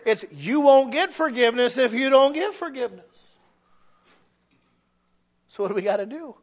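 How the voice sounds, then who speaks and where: Preaching man, shouting then hushed. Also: expressive, moderate pace, highs cut off. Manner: swings from loud shouting to quiet, low asides; acts out quoted voices of listeners. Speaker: pastor. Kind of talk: sermon.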